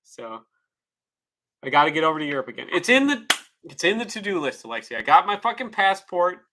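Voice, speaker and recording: Bright-voiced man chatting profanely on stream. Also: a little high, very animated, fairly quick. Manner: profane, rambling, frank. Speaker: livestreamer. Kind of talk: casual livestream chat.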